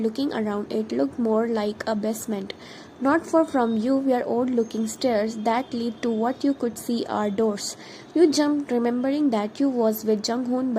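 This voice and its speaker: A woman reading her fan fiction story aloud as a narrator, steady with occasional slips. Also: a little high, slight background noise, rough recording. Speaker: fan fiction author and reader.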